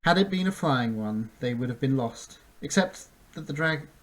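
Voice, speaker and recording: Guy reading a fantasy book out loud, mid pitch, stumbles and restarts sometimes. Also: animated, normal speed, rough recording. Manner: reads with slips and restarts, occasional laughs. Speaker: narrator. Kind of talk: amateur audiobook reading.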